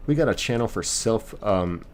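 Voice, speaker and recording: A man's voice: on the low side, expressive, moderate pace, a little mellow, slight background noise. A man streaming a game live, reading chat aloud and rambling casually with lots of fillers and restarts.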